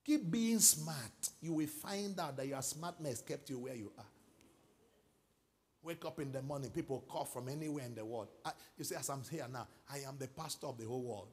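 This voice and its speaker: A middle-aged Nigerian man preaching a sermon as pastor, moving from quiet asides to loud exhortation and calling for responses. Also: mid-range voice, a little fast, a little hiss or hum. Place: large church hall.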